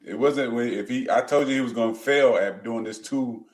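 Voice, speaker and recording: A man's voice: mid-range voice, moderate pace. A man, a former football player, speaking as a guest in a casual podcast interview in a laid-back way.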